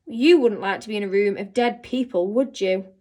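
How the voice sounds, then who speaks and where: A woman voicing an earnest, gentle young boy in a storybook reading, speaking in a patient, coaxing way. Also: mid-range voice, moderate pace, natural voice.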